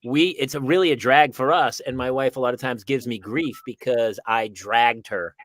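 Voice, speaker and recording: A man's voice: medium pitch, normal speed, no room sound. An older man hosting a podcast, bantering and telling jokey stories in a casual chat. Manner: jokey, bantering, lively storyteller. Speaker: podcast host.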